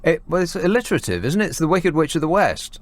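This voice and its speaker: A man hosts a late-night radio phone-in. He sounds dry and sarcastic, and his pitch swings widely as he talks. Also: very animated, fast.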